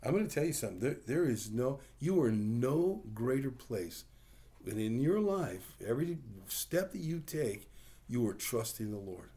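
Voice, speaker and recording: A pastor gives a relaxed, conversational sermon, often asking his listeners questions and answering them himself. His voice sits at a middle pitch with a warm, mellow tone. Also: moderate pace. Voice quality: plain-spoken, uses rhetorical questions.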